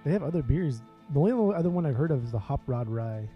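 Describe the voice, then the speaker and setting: A man's voice: mid-range voice, lively intonation, fast, dull audio, soft background music. A young man co-hosting a casual beer review, rambling in a laid-back way and cracking crude jokes. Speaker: podcast co-host reviewing beer. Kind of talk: casual chat.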